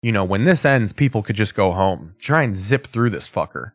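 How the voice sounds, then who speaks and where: A man's voice: on the low side, animated, moderate pace, no room sound. A man hosting a show, chatting casually and sarcastically with frequent swearing while reacting to a live game. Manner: loose, sarcastic, swears often. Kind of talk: casual profane commentary.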